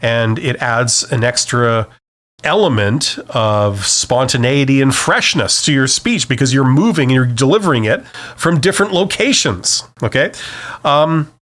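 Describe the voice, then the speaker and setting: On his solo advice podcast, a male host speaks off the cuff with animation, tagging "okay?" onto most points and varying his loudness and speed to illustrate. He has a mid-range voice and a measured pace.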